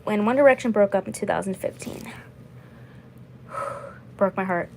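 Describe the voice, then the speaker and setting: A woman's voice: medium pitch, measured pace, vocal fry, a little mellow, a little hiss or hum, poor audio. A woman in her twenties chatting casually on a livestream, rambling and repeating herself. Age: 20s. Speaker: vlogger.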